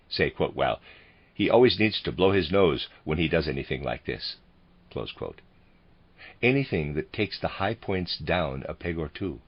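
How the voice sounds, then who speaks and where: Man, audiobook reader, measured lecture reading, very low voice, dull lo-fi sound. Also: slightly rough. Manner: measured, reads bracketed notes aloud.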